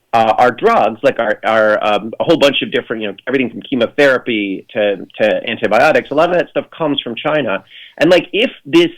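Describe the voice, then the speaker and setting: A man with a mid-range voice, captured on a rough recording, chats casually as a radio interview guest. He rambles, restarts and uses lots of fillers, and his humor is sardonic, delivered in mock voices.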